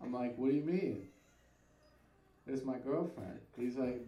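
A man telling a comic story in a stand-up bit, animated, with his voice shooting high at times. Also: unhurried, roomy sound, dull audio.

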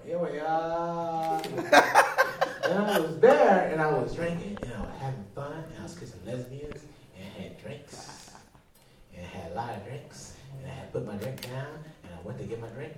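A man doing a stand-up routine, telling a loud, animated story and mocking other people in put-on voices. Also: medium pitch. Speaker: stand-up comedian. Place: comedy club stage. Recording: echoey room, far mic, crowd. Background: audience laughter.

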